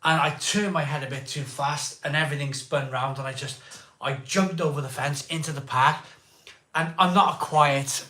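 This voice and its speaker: A man's voice: on the high side, fairly even intonation, moderate pace, sharp tone. A man hosting a live beer stream, telling a rambling story in a chatty way, repeating himself and acting out what people said.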